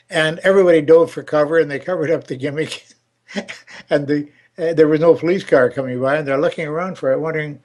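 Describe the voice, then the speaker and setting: An older man hosting a talk show, telling a long anecdote in a rambling way full of fillers and restarts. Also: a little high. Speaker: show host. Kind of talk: storytelling chat.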